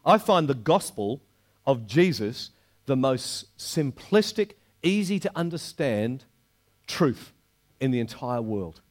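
An older man preaching a sermon to a congregation, animated, slowing down to stress quoted verses. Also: medium pitch. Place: church hall before a live congregation.

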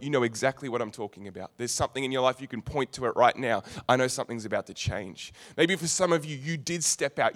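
A young man preaching a sermon, telling stories with humorous asides. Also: a little high. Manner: storytelling, animated, with humorous asides.

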